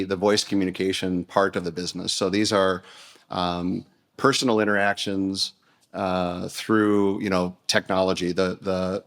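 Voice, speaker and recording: A man with a deep, low voice talks as an interview guest. He works through his thoughts out loud, with plenty of restarts and small fillers. His pace is unhurried and conversational. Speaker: podcast guest, company CEO. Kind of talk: casual interview talk.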